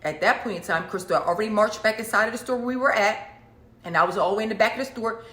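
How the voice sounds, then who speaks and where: A woman preacher telling a personal story in an emphatic, animated way, repeating phrases for effect. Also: medium pitch, fast, roomy sound. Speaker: prophetess and preacher. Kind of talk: casual storytelling monologue.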